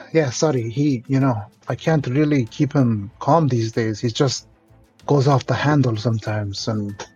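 A man voicing a calm, placating female guard who coaxes and repeats herself, on dull lo-fi audio. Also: mid-range voice, husky. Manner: soothing, coaxing, repeats words.

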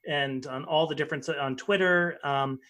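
Animated male interview guest, gossipy storyteller, fairly high voice. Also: moderate pace. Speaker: guest, former ballet dancer. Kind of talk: casual interview chat.

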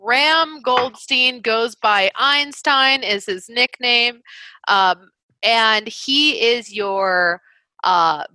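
A young woman chats through a movie recap, animated and quick to mock. Her voice is bright and slightly high. The sound is close and dry. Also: dry recording. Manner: animated, laughing, mocking impressions. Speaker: podcast co-host. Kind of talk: casual chat recapping a movie.

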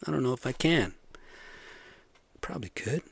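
A man ranting in a profane, sarcastic monologue, swinging between loud outbursts and low muttering. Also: lively intonation, normal speed, vocal fry, slightly rough, dry recording.

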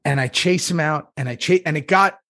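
A man in casual chat, excitedly telling a story and acting out what people said with big jumps in his voice. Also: a little fast. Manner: excitable, acts out quotes with big pitch jumps.

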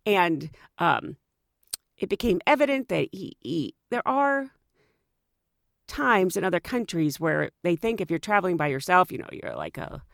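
Animated woman telling a travel story. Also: on the low side, a little slow, creaky, dry recording, clean studio sound. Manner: animated, chatty, frequent "you know". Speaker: flight attendant. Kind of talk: casual storytelling.

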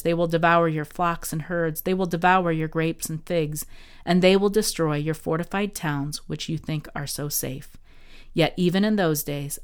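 Female scripture reader, low and smooth, expressive delivery. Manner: expressive, dramatic reading. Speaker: Bible reading podcast host. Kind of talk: scripture reading.

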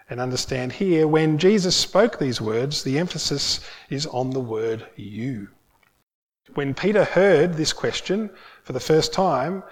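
A male pastor delivering a sermon in a fairly high voice. He preaches earnestly, leaning on key words and slowing down to press them home. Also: husky.

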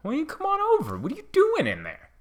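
A man voicing a wild elk that coaxes a tourist out of his car in a high, sing-song tone. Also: wildly swooping pitch, quick pace, full character voice. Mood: coaxing. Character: coaxing wild elk inviting a human closer.

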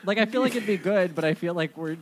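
A man's voice: high voice, fast. A man in casual podcast chat, playful and teasing, laughing often.

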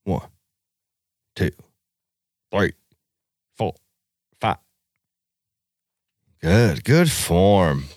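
A man's voice: low voice, sing-song, extremely slow, pauses often, darkish tone, dry recording, studio quality. A man co-hosting a podcast, brash and joking in crude casual banter during a drinking game. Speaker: podcast co-host.

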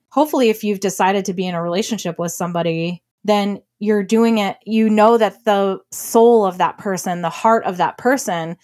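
A woman co-hosting a podcast, giving relationship advice in casual chat with an earnest, emphatic manner and quick laughs. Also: medium pitch. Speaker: podcast co-host.

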